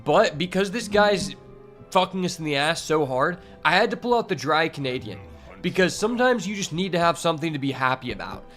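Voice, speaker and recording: A man with a slightly high voice streams a card game, chatting loosely to his viewers. He swears freely and gets worked up over his draws, with soft music playing underneath. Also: brisk. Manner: profane, excitable, talks to chat. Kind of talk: casual live-stream commentary while playing.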